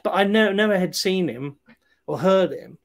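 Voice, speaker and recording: A man's voice: high voice, animated, moderate pace, gravelly. A man co-hosting a film review show in casual chat, hesitant, with many fillers and restarts. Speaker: film review podcast co-host.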